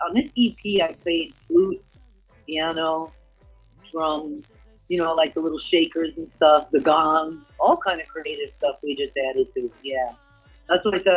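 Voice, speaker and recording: A woman's voice: sits low, husky. A woman guest, a reggae singer, chatting casually in an interview and rambling with frequent "you know" fillers. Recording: dull lo-fi audio.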